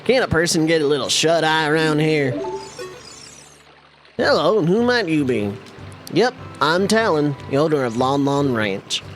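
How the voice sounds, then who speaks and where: A streamer voicing a drowsy old male rancher in a video game, speaking in a slow, folksy country drawl. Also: medium pitch, very animated, music in the background. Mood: grumpy drowsy.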